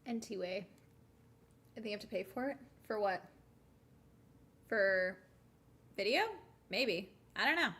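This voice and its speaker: A woman's voice: mid-range voice, unhurried, pauses often, sharp tone, breathy edge. Chatty woman reacting to a video. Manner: chatty, talks straight to viewers with asides. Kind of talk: casual chat.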